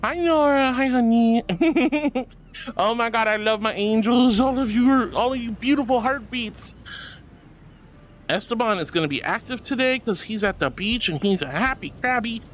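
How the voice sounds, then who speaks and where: A woman streamer in casual chat who warmly and effusively greets her viewers by name and thanks them. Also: fairly high pitch, moderate pace, a little hiss or hum.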